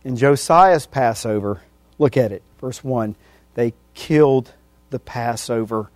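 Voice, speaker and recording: A man preaching a sermon, reading scripture verse by verse and repeating phrases for emphasis, his voice swinging from loud emphatic peaks to hushed endings. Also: mid-range voice, a little slow, no room sound.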